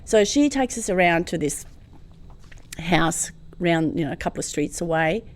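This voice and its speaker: A woman's voice: on the low side, normal speed. Woman telling a story. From Croatia. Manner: lively storyteller, swings from hushed to loud and laughing. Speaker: guest. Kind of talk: telling a personal story in an interview.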